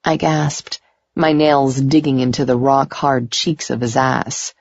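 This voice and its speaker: A woman narrating a first-person romance audiobook in a slow, intimate way. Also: extremely low pitch, steady tone, darkish tone, no echo. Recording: slightly dull lo-fi recording.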